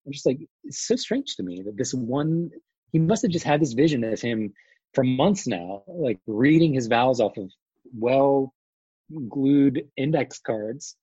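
A man's voice: mid-range voice, expressive, unhurried, dark tone, husky, dry recording, lo-fi sound. A man who works as a wedding photographer, chatting casually in an interview, rambling with lots of fillers.

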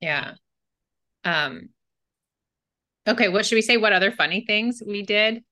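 A woman's voice: medium pitch, lively intonation, a little slow, sharp tone. A middle-aged woman, a podcast co-host and anxiety coach, telling a personal story candidly in casual conversation, with many fillers.

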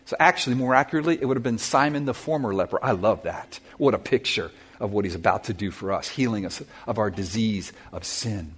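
A man preaching a sermon to his church, telling a Bible story with lively questions to the congregation. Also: lowish voice, a little fast, few pauses, breathy edge. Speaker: pastor.

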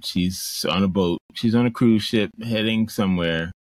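A podcast co-host with a lowish voice at normal speed retells a film's plot in casual, rambling chat, restarting sentences and adding playful asides in quoted voices. The recording is dry and rough.

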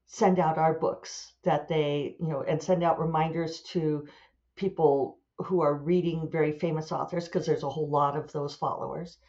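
Low-pitched and warm, this woman, an author who hosts a podcast, rambles through a casual solo chat, thinking aloud and chuckling at her own asides, over dull audio.

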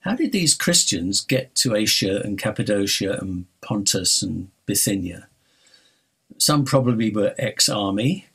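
Male preacher from North London, husky tone, emphatic storytelling sermon delivery. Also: lowish voice, expressive, unhurried, a bit bright.

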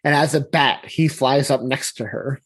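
A man's voice: medium pitch, fairly even intonation, normal speed, a bit bright, slightly rough, no room sound. A man chatting as a guest on a podcast, upbeat and enthusiastic. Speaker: podcast guest and co-host of another show. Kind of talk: casual podcast chat.

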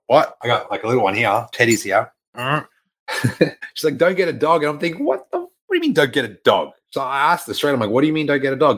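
A young man with a very deep, low voice talks straight to camera. His delivery is frank and conversational, with casual swearing and easy laughs between lines. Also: fairly bright tone. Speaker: fitness coach sharing a personal story.

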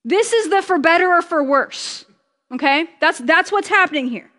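A woman preaching a conversational sermon, chatty and joking, slowing down for emphasis. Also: very high voice, lively intonation, pushed and bright, big-room sound.

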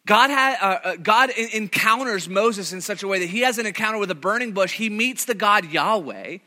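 Animated high-voiced man preaching. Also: a little fast. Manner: animated storytelling, acts out quoted voices, many restarts. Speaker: pastor. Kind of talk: sermon.

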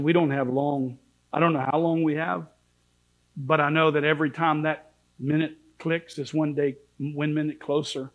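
A man preaching a sermon in a church, impassioned, swinging between shouted warnings and low pleading. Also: lo-fi sound.

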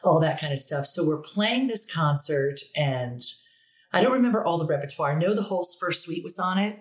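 Low-voiced woman in her fifties, chatty. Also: expressive, normal speed. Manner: chatty storyteller, laughs often. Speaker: guest, university director of bands. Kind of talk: casual interview chat.

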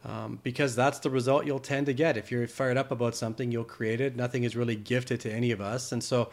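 A man's voice: mid-range voice, little pitch movement, quick pace. A Canadian man hosting a podcast interview, upbeat and joking in a casual way. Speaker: podcast host.

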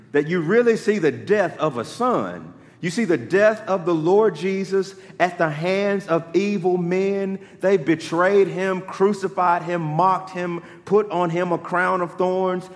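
A man's voice: on the high side, in a large hall. A male pastor preaching a sermon, building to urgent rhetorical questions.

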